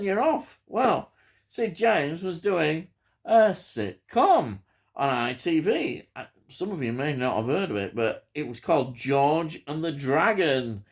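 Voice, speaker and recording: Chuckling man reviewing films. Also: on the high side. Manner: enthusiastic, chuckling, rambling with fillers. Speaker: film reviewer. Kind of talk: casual film review chat.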